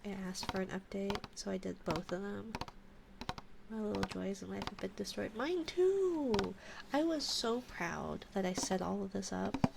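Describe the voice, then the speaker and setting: Grumbling to herself as she fixes her stream setup, a woman streamer keeps up relaxed chatter with her audience. Her gravelly, medium-pitched voice barely moves in pitch and runs at normal speed. Loud background noise and clicking keys fill the recording.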